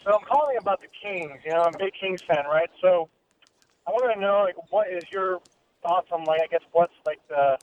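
A man's voice: high-pitched, fairly quick. A man calling in to a sports radio show, rambling and keen, with lots of fillers. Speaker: caller. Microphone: phone. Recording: muffled phone line with faint noise.

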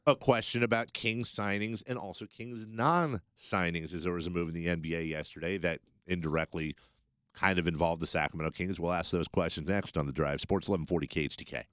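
A man's voice: sits low, a bit bright, no echo, clean studio sound. A man hosting a sports radio talk show, stumbling and correcting himself as he steers the segments. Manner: halting, self-correcting, plays segment host. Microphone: studio microphone.

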